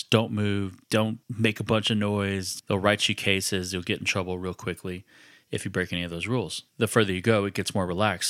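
A man with a very low voice recounts a personal story in relaxed, conversational podcast style. He talks reflectively, often restarting his sentences. The sound is dry and close, with little room around it. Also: dry recording. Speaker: podcast host.

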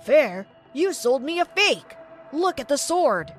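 A woman voicing an angry male pawn shop owner who shouts accusations. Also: high-pitched, animated, moderate pace, faint music behind.

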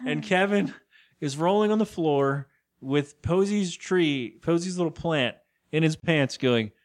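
His voice sits a little high and he takes his time. The young man is co-hosting a podcast, loosely recapping a TV episode in casual conversation and doing the characters' lines in put-on voices.

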